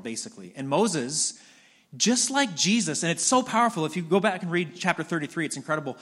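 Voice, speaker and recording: A man preaches as a pastor in a brisk, husky, sing-song voice, retelling scripture in a conversational storytelling way full of restarts. His voice falls soft and low during prayer.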